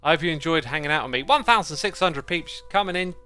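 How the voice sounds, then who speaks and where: A man's voice: fairly high pitch, lively intonation, fast, pushed and bright, clean tone, soft background music. A man with a British accent chatting casually and playfully on a game livestream, joking along with the chat he reads out. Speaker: game streamer.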